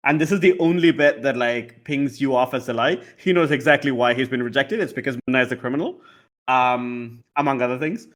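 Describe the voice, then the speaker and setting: A man running a tabletop game as game master, chatty and quick to laugh. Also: mid-range voice, a bit bright.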